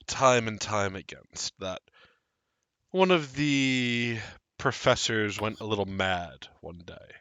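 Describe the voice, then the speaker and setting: A man narrating a tabletop game as game master, with measured storytelling and ominous pauses. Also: lowish voice, expressive, a bit bright, no room sound.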